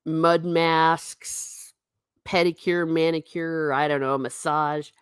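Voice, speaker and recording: A woman's voice: low voice, steady tone, takes it slowly, clean tone, no echo, studio quality. A middle-aged woman hosting a casual livestream chat, reading viewer comments and laughing often with self-mocking asides.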